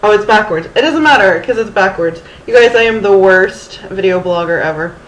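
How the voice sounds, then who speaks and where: A woman's voice: mid-range voice, expressive, a little fast. Rambling woman in her thirties, roomy sound. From Houston, Texas. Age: 30s. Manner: Valley Girl-like speech, many ums and restarts. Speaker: vlogger. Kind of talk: casual rambling storytime vlog. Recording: roomy with faint ambience.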